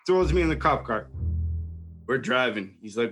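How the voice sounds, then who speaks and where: A man's voice: lowish voice, fairly quick, fairly bright tone, soft background music. A young man telling a wild story in casual chat, swearing, laughing and acting out what people said. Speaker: podcast host telling a story.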